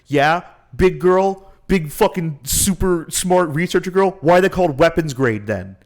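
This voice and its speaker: A man puts on a sneering soldier who jeers at a researcher with slow, drawn-out, mocking words. The voice sits above his usual talk and is set a little apart from the mic. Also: on the high side, voice pushed up.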